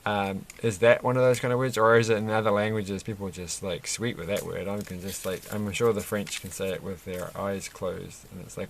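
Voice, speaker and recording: Low gravelly man rambling while building. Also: steady tone, fairly quick, hardly any pauses, slight background noise. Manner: rambling, digressive, many fillers and restarts. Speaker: Lego reviewer. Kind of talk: casual chat while building. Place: at a desk.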